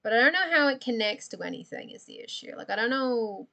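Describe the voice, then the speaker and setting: A woman's voice: a little high, lively intonation, quick pace, vocal fry, pushed and bright. A woman chatting casually on a livestream while she draws, rambling, thinking aloud and often giggling. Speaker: streamer.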